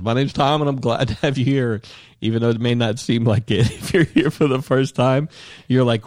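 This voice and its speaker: A man hosts a casual podcast in a loose, joking manner, cursing freely as he chats. His voice sits at an ordinary pitch. It sounds close and dry, with no room around it. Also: moderate pace, a little mellow, no echo. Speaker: podcast host.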